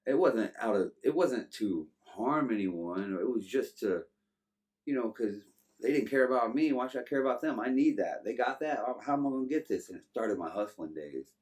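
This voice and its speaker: A man's voice: mid-range voice, animated, normal speed, a little mellow, recorded from a distance. A man in his thirties with a Texan accent, telling his life story to an interviewer in a loose, rambling way full of "you know". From Texas. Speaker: guest.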